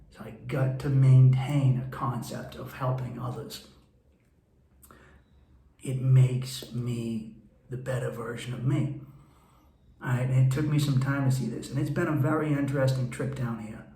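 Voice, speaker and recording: A man's voice: mid-range voice, unhurried, pauses often. A man who is a comedian and podcast host, telling stories in a blunt, profane and candid monologue. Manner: profane, blunt, animated storytelling. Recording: roomy echo.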